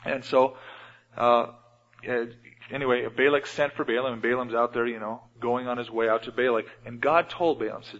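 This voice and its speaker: A man preaching a sermon in a church, retelling Bible stories and often changing his loudness. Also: medium pitch, normal speed. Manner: storytelling, acts out Bible scenes with shifts in loudness. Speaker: pastor. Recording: dull radio broadcast with long hall reverb.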